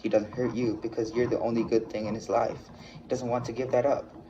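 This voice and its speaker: A man reading aloud as an earnest middle-aged male teacher, speaking low and intently on a dull lo-fi recording. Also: little pitch movement, fairly quick, mellow, a little hiss or hum, close to an everyday voice. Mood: urgent.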